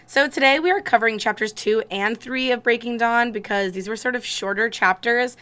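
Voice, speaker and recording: A woman's voice: fairly high pitch, bright, forceful tone, clear, resonant tone. A woman co-hosting a podcast in casual chat, joking and laughing often. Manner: giggly, joking, quick to laugh. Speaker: podcast co-host.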